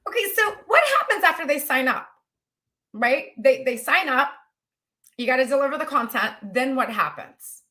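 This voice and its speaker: A woman business coach, teaching in a chatty, animated way during a live coaching session. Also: high voice, normal speed. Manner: chatty, animated, says y'all.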